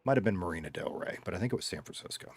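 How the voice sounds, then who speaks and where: A man's voice: sits low, lively intonation, very fast, slightly rough, dry recording, studio quality. A middle-aged man with a Southern US accent, chatting casually with a live audience, joking and rambling through stories while his drawl slides heavier and lighter. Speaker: streamer reading chat.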